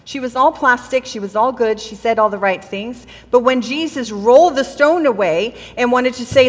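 A woman's voice: on the high side, moderate pace, a bit bright, big-room sound. A woman preaching a sermon in a conversational way, acting out the quoted voices of the people in the story. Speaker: pastor. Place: church hall.

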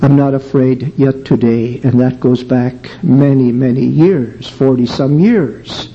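An older man giving an earnest, emotional sermon testimony, telling a story slowly. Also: medium pitch, warm tone. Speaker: preacher. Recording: dull lo-fi recording with faint background noise.

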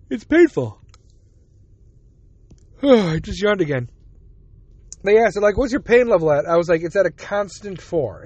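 Guy rambling on his podcast, cussing a lot, kinda high voice, dry close mic. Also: no echo. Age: adult with a child. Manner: profane, rambling, self-deprecating. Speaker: podcast host. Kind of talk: casual solo podcast monologue.

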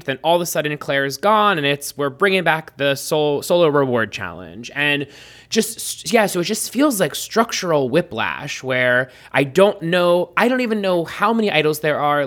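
A man's voice: on the high side, a bit bright. A man co-hosting a casual chat podcast, rambling with lots of ums and likes. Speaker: podcast co-host.

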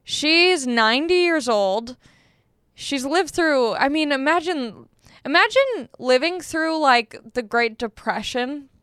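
A woman's voice: high voice, lively intonation, slow pace, a bit bright, no echo, clean studio sound. A young woman, a comedian hosting a podcast, telling stories in casual, self-deprecating chat. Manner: chatty, self-deprecating storytelling.

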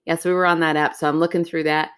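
A woman with a rather low voice talks casually as a podcast co-host. She rambles loosely and fills her talk with "like". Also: level tone, racing, clear, resonant tone. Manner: chatty, rambling, filler-heavy. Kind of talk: casual chat.

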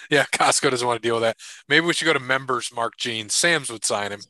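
Bright-voiced casual podcast host, a man. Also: mid-range voice, moderate pace, no room sound. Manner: loose and jokey, reads sponsor thanks. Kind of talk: casual chat.

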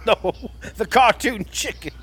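A man's voice: high-pitched, crowd noise. A man doing a comedic impression of an older male soul singer who sweet-talks and calls everyone baby. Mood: smooth, teasing. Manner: croons "baby" at the end of lines, drawn-out and teasing. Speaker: podcast co-host.

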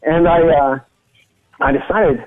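A man's voice: on the high side, slow. A middle-aged man from Canada, a guest giving an earnest personal testimony in conversation and retelling it with frequent restarts. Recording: tinny phone-line sound.

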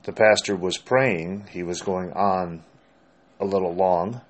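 A man's voice: deep voice, slow. An older man, a pastor with grandchildren, chatting casually about prayer and telling stories, quoting scripture as he goes. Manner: relaxed, storytelling, quotes scripture. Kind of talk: casual conversation about faith.

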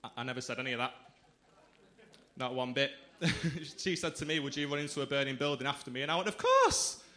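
A man's voice: mid-range voice, fairly even intonation, fast talker, sharp tone. A man doing a stand-up set in a comedy club, chatting cheekily with the crowd. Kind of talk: stand-up routine.

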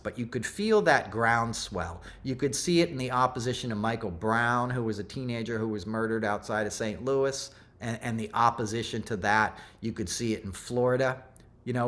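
Low-voiced middle-aged man rambling through a story. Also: a bit bright. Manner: rambling, loose and conversational, full of asides and self-corrections. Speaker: podcast host. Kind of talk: casual storytelling monologue.

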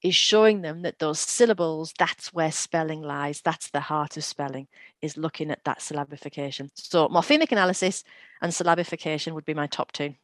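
Low-voiced woman explaining teaching tips. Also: brisk, no echo. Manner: practical, explains with classroom examples. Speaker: guest, education company CEO. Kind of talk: podcast interview.

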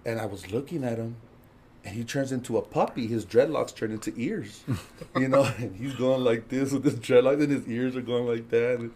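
A man's voice: mid-range voice, moderate pace, dark tone, husky. A man telling a story as a podcast guest in casual chat, laughing and swearing as he acts out the people in it. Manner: laughing, profane, acts out quotes.

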